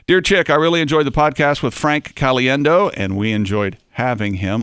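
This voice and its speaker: A man's voice: medium pitch, normal speed, few pauses, clean tone, no echo. A man co-hosting a casual podcast chat, telling stories and joking with his co-hosts. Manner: joking storyteller, animated. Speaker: radio show host.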